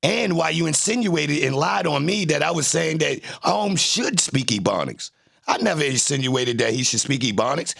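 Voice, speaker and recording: This livestreamer's voice sits in the mid-range, carrying vocal fry and a slightly bright quality. He's watching trial footage and picking fights with his chat, needling viewers and hammering the same taunts over and over.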